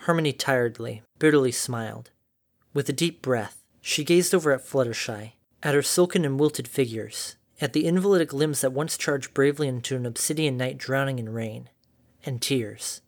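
A man narrating a dark fan story in a measured, dramatic reading. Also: mid-range voice.

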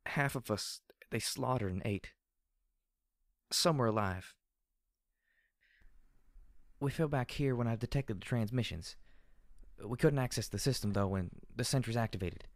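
A man voicing a fragile young female pegasus soldier, speaking in a soft, buzzing drawl that turns shaky and halting. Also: medium pitch, no echo, clean studio sound, voice pushed up, close to an everyday voice. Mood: shaky, distressed. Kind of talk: audiobook character reading.

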